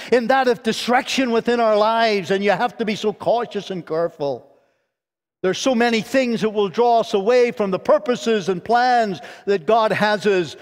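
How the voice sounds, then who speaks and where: Fervent high-voiced male pastor preaching. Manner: fervent preaching, swinging between loud high exhortation and quiet low tones. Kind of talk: sermon. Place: church sanctuary. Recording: long church reverb.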